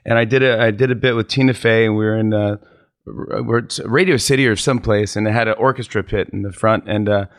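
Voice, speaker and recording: A man chatting casually and telling animated comedy anecdotes with lots of restarts. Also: on the low side, quick pace, dry recording, clean studio sound. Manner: animated storyteller, slips into voices. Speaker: comedian guest.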